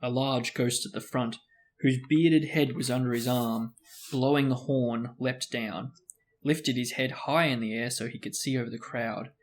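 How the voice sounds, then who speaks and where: A man reading a novel aloud as narrator, in steady storytelling narration. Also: mid-range voice, measured pace. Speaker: book reader.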